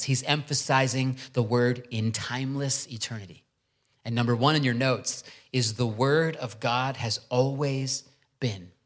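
A man's voice: mid-range voice, a bit bright. Earnest male pastor preaching. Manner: prayerful, then earnest teaching with rhetorical questions. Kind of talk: sermon.

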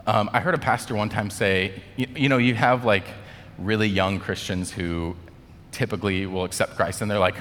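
Low-voiced man preaching in a big echoing hall. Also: moderate pace. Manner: animated, acts out quotes, many "like" fillers. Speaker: pastor. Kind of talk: casual conversational sermon. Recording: long reverb of a large hall.

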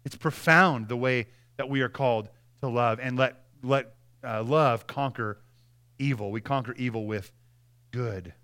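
A young man preaching a sermon in a conversational way, dropping into soft, quiet voices when acting out apologies. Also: medium pitch, a little slow, clear, resonant tone. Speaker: pastor.

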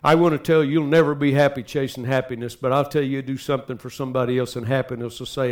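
A man preaching a sermon as pastor, dropping to soft asides and then climbing into loud, urgent exhortation. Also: mid-range voice, steady tone, fast, few pauses.

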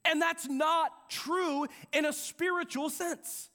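A man preaching a sermon in a church, conversational and animated, acting out quotes as he goes. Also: extremely high pitch, takes it slowly. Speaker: pastor. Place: church sanctuary with a balcony.

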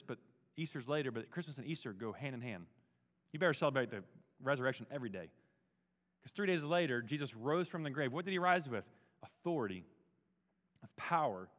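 Pastor guy with a pretty high voice, punchy casual preaching, big echoey hall sound. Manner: casual, emphatic preaching with everyday slang. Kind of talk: sermon. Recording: long reverb of a large hall.

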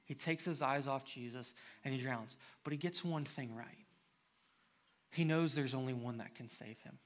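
This sermon comes from a male pastor in church whose voice is mid-range and delivered at normal speed. After reading a passage of scripture, he rises into a forceful, fervent plea.

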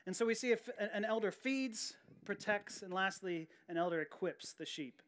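A woman pastor delivers a sermon in an earnest, emphatic manner, frequently repeating key phrases and starting her sentences over. Her voice is medium in pitch and she speaks at a normal speed.

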